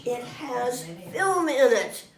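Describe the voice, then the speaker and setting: Older woman telling lively stories, getting over a cold. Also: high voice, takes it slowly, gravelly, over a noisy crowd. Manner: lively and animated, acts out the voices. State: finishing a cold. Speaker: guest storyteller. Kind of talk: anecdotes told to a small audience. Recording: roomy room, mic far off.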